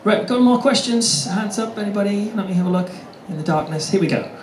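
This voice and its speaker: Brief: male convention host, chatty prompter; crowd noise clear in the background. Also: sits high, brisk, reverberant. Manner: chatty, prompts audience and guest. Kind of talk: casual moderating. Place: large convention hall.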